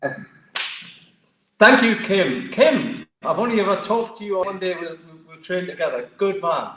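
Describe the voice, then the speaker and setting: A man with a Geordie accent, a martial arts guest telling stories in a lively, chatty way. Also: high-pitched, normal speed, slight background noise. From Newcastle, England. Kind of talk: casual storytelling interview. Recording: echoey room.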